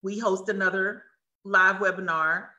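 A woman hosting a live webinar over a video call, excited and effusive, with many restarts. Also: medium pitch, a little slow, highs cut off. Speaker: webinar host.

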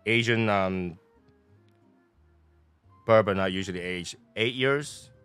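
A man talks through a casual review, rambling and playful. His voice is bright and dry, close to the mic. Faint music plays under him. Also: lowish voice, slow, clean tone, no echo. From Taiwan. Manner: chatty, rambling, playful tangents. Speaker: cigar and spirits reviewer.

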